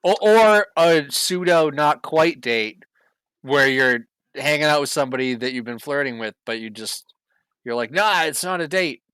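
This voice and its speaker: A man's voice: on the high side, lively intonation, normal speed, fairly bright tone, clean tone, no echo, low-quality recording. A man co-hosting a podcast, chiming in with dry, teasing remarks. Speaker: podcast co-host. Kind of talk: casual comedic chat.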